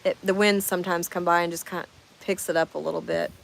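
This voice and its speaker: Lady in her 40s doing a live chat, lowish gravelly voice, talks right to folks. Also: flat delivery, fast talker, a little hiss or hum. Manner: chatty, talks straight to viewers. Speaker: livestream host reading comments. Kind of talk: casual chat. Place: camper while on a camping trip.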